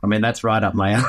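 A man talks about his work in a relaxed interview. He tells stories in a playful, lively way, and his voice sits in an ordinary middle pitch. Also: very noisy. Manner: animated, playful storyteller. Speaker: real estate agent. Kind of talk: casual interview answers.

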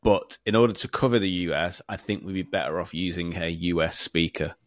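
Low-voiced podcast co-host. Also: male voice, fairly quick, no echo, clean studio sound. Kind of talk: casual sales podcast chat.

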